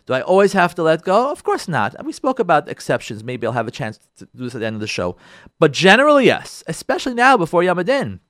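Animated rabbi a lively, expressive voice. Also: male voice, a little high, fast, dry recording, studio quality. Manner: animated, repeats phrases for emphasis, acts out listeners' voices. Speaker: rabbi, show host. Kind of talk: lively Torah talk addressed to listeners.

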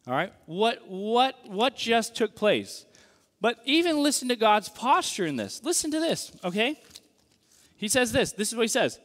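A man preaching a sermon as a pastor, conversational and animated, with frequent rhetorical questions to the congregation. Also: sits high. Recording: long hall reverb.

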